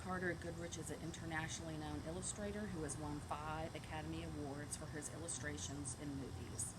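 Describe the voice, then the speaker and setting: A woman teacher reading a picture book aloud to young children in a gentle, expressive way. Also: sits low, brisk, very noisy.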